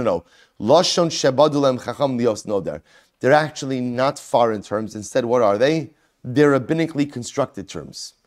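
Animated man teaching a Talmud lesson. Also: mid-range voice. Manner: animated, asks and answers his own questions; mixes Hebrew and Aramaic terms into English. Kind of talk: Talmud lesson, explaining a text.

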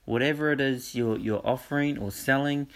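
A man's voice: mid-range voice, moderate pace. A man talking casually to listeners, telling stories with lots of energy and frequent laughs. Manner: animated storytelling with frequent laughs. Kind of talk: casual monologue.

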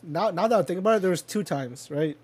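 A young adult man with a high, expressive, darkish, slightly rough voice talks at a quick pace in casual conversation. He spins a long, rambling story packed with fillers and swearing, chuckling as he goes.

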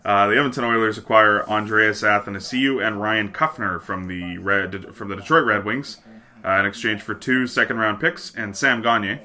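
A man co-hosts a loose sports chat show, with a very bright, edgy tone in a fairly low voice. He swears casually and rattles off trade news between jokes. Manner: profane, offhand, reads news items quickly. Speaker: podcast co-host.

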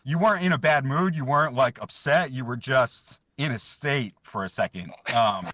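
A man's voice: medium pitch, normal speed, background noise. A young man, a podcast guest, telling a rambling story in casual chat, often laughing.

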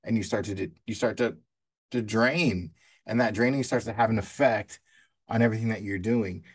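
A man's voice: lowish voice, normal speed. Laid-back man explaining with analogies. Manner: talks in long analogies, loose and conversational. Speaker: podcast co-host. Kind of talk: casual podcast chat.

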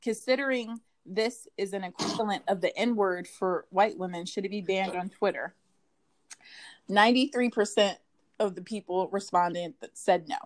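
A woman in a casual co-host chat with an ordinary mid-range pitch. She talks with sass, reading comments aloud and firing back quick retorts.

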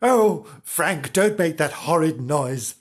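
A man's voice: on the high side, lively intonation, slow pace, breathy edge, heavily acted. A man voicing a fussy, irritable male dog while reading a storybook aloud. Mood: exasperated. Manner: exasperated, bossy.

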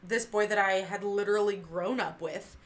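A woman from Northern California telling animated childhood stories in a casual chat, acting out quotes with loud bursts. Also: medium pitch, moderate pace. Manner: animated, acts out quotes with loud laughing outbursts.

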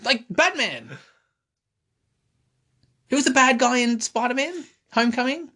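A man's voice: extremely high pitch, big pitch swings, measured pace, bright, forceful tone. A young man co-hosting a casual podcast, teasing and quizzing his friend. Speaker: podcast co-host.

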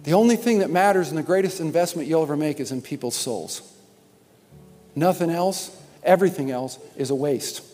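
A man preaching a sermon as pastor, impassioned, swinging from shouts down to quiet, probing questions. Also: a little high, fairly quick. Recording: music and long hall reverb.

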